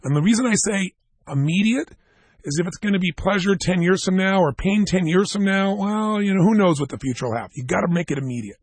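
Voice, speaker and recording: Gravelly, husky man giving a self-help seminar. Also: sits high, a little fast, dry recording. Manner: emphatic storytelling, direct address to listeners. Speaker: motivational seminar speaker.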